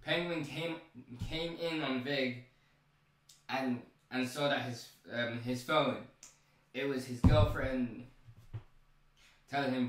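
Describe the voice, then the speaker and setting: A man casually recapping a TV episode, rambling and excitable, stumbling over repeated words and restarts. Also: medium pitch, slow pace, pauses often, slight background noise. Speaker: show recap vlogger. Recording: very echoey room, mic far off.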